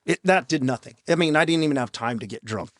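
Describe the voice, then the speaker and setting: A man in his fifties, a podcast guest, telling his own story in a raw, halting way with blunt profanity. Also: on the high side, animated, fairly bright tone, no room sound, studio quality. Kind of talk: candid personal storytelling in an interview. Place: podcast studio. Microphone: studio microphone.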